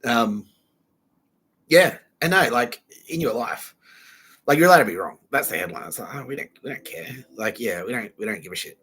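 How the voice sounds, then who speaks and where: A man's voice: mid-range voice, normal speed, fairly bright tone, slightly rough. A young man hosts a rambling solo podcast, talking casually, with a lot of slang and swearing. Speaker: podcast host.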